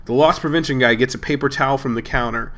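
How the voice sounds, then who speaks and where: A man's voice: mid-range voice, fast, a bit bright. Young man casually telling a funny story. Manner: rambling and amused, chuckling between lines. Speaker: gaming channel host. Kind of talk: casual storytelling over gameplay.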